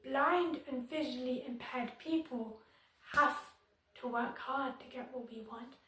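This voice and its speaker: A woman's voice: sits high, recorded from a distance. A woman giving firm, earnest advocacy commentary to viewers as a vlogger. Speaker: disability vlogger. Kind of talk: direct-to-camera advocacy commentary. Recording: very echoey room, voice somewhat off-mic.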